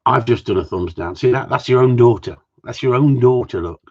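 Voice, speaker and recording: A man's voice: mid-range voice, a little fast, vocal fry, a little mellow, breathy edge. A man hosting a live stream, chatting in a cheeky, sweary, rambling way that jumps between topics. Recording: dull lo-fi stream audio.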